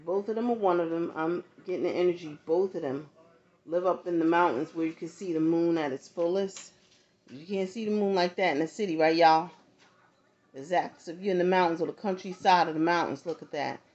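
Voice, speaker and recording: Her voice is low and darkish, and she talks fairly quickly while giving viewers a casual tarot reading. Not from the American South, she keeps it conversational with frequent asides and check-ins, captured in dull lo-fi audio with faint background noise.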